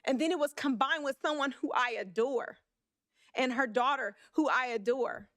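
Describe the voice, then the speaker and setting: Woman on city council, fired up and emotional, talks straight, higher pitched, keeps restarting. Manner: emotional, blunt and forceful, with halting restarts. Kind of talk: impassioned council meeting speech.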